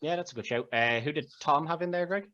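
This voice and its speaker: A man's voice: fairly high pitch, fast talker, crowd noise. Laid-back guy hosting a podcast, lots of ums, bit muffled over the call. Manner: relaxed, hesitant with ums. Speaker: podcast co-host. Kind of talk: casual chat, running a segment.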